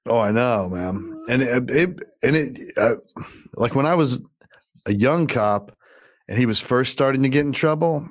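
A man's voice: medium pitch, animated, unhurried, dry recording, clean studio sound. A middle-aged man, a podcast co-host, telling a long story in a casual, profane, rambling way.

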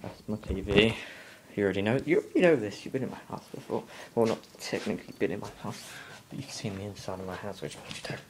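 A man's voice: lowish voice, fast, hardly any pauses. A British teenage boy vlogging casually at home, rambling and mocking himself as he walks through the house with a handheld camera. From Britain. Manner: rambling, self-mocking, offhand. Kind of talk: casual vlog. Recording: loud background noise.

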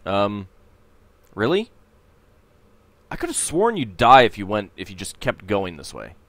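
A man's voice: fairly low pitch, wildly swooping pitch, a little slow, dry recording. A man hosting a casual let's play, rambling and hesitant as he comments on the game. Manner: rambling, hesitant, lots of fillers.

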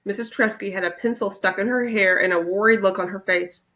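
A woman reading a children's chapter book aloud to her class, as a teacher. Her storytelling is expressive, and she leans into each line of the tale. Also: medium pitch, brisk.

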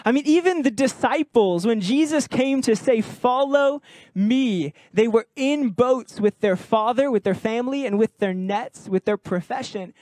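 A man's voice: extremely high pitch, moderate pace, few pauses, a little mellow, no echo. A man preaching a sermon as pastor, talking in a conversational, jokey way and asking the congregation questions. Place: church service with congregation.

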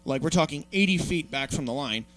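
A young male podcast host with a voice on the high side talks a little fast over faint background music. He hosts an online talk show, swearing, mocking, and ranting animatedly about politics.

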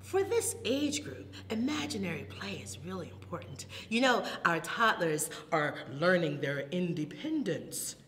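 Slow and sing-song, a children's librarian animates a toddler storytime with rhymes, songs, gleeful gasps and quiet whispers. She is a woman, and the recording features long reverb along with a faint low rumble.

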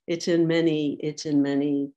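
A woman's voice: deep voice, level tone, normal speed, dark tone, highs cut off. A woman speaker at a medical education symposium, giving an academic lecture with wry asides as she quotes thinkers.

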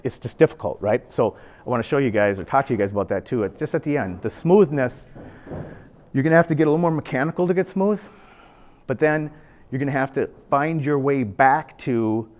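A man's voice: medium pitch, a little hiss or hum. A man in his fifties giving a casual, earnest pool lesson, repeating phrases as he demonstrates his stroke. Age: 50s. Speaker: pool instructor. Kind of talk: casual instructional talk. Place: billiard club.

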